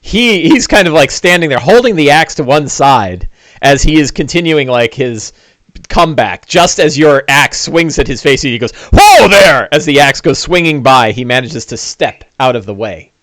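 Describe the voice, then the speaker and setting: A man narrating a tabletop fantasy game as game master, telling the scene in an animated way with fillers and asides. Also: medium pitch, normal speed, no echo.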